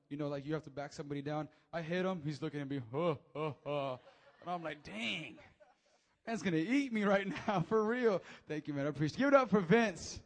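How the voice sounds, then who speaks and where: A young man preaching a sermon from a church stage, animated and acting out the quotes as he tells the story. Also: a little high. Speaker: pastor. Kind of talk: lively sermon. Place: church stage before a congregation.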